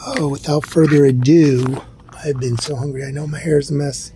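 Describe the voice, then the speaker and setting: This middle-aged man, ill in hospital, films a casual update for his vlog at a moderate pace. His soft voice slips into whispers among frequent sighs, and the rough recording has a steady rumbling noise underneath.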